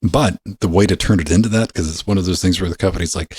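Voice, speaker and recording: A man's voice: sits low, fast talker, hardly any pauses, darkish tone, slightly rough, no room sound. A man hosting a podcast in casual, profane, wisecracking chat on a studio microphone. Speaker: podcast host.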